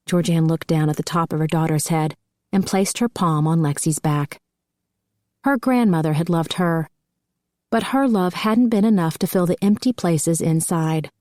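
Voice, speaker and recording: A woman reading an audiobook as narrator in a steady, measured way, close to a studio mic. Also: lowish voice, no room sound. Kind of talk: scripted narration.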